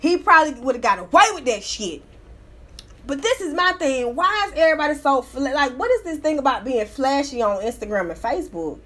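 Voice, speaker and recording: A woman reads a news article and riffs on it in a loose, profane commentary. Her voice sits high, and she talks in an animated, sassy way, often breaking into laughter. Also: brisk. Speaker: commentator reacting to a news story. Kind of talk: casual commentary reading and reacting to an article.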